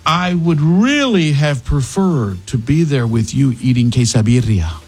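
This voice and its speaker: A man's voice: medium pitch, animated, measured pace, darkish tone, husky, soft background music. A man doing a mocking impression of a self-pitying, condescending male politician who talks down to his voters. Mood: whiny.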